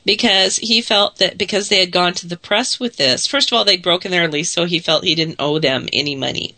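A woman co-hosting a radio talk show, hoarse from a cold, chatting casually with lots of laughs and restarts. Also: lowish voice, a little fast, sharp tone, no room sound. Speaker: radio co-host. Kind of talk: casual chat.

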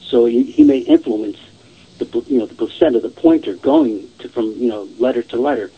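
A man's voice: medium pitch, fairly quick, breathy edge, phone-quality sound. A man casually telling a long ghost story, rambling and repeating "I says" and "she goes".

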